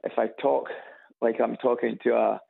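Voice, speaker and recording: A man's voice: mid-range voice, fairly even intonation. Scottish man calling in on a tinny phone. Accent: Edinburgh Scottish. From Scotland. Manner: halting, repeats words, dry humor. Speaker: radio caller. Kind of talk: casual phone-in chat. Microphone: phone on loudspeaker. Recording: gravelly voice over a tinny phone line.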